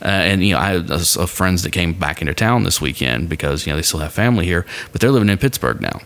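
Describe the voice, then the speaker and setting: A man's voice: low voice, lively intonation, fast talker, vocal fry, fairly bright tone. A man chatting casually as a podcast guest, rambling with lots of fillers and restarts.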